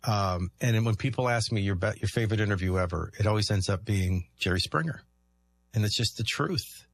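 A man's voice: on the low side, fairly quick. A man hosting a talk radio show, chatting through rambling anecdotes and often laughing.

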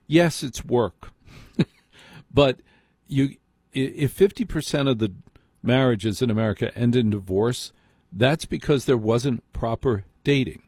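A man's voice: mid-range voice, moderate pace, darkish tone, breathy edge, dry recording, clean studio sound. A man hosting a call-in radio show, talking in an opinionated, conversational way and acting out short mock dialogues. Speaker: radio talk show host. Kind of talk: talk radio monologue.

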